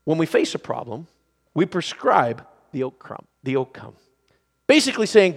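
A man preaching a sermon who swings between hushed, quiet passages and loud, excited shouting. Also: a little high, normal speed, gravelly.

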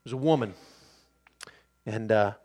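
A man preaching a sermon who swings between hushed, quiet passages and loud, excited shouting. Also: on the low side, a little slow.

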